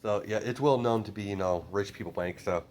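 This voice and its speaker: Guy rambling through a made-up story, lots of "you know", kinda low voice. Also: a little fast, darkish tone, slight background noise. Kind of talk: improvised fan story narration.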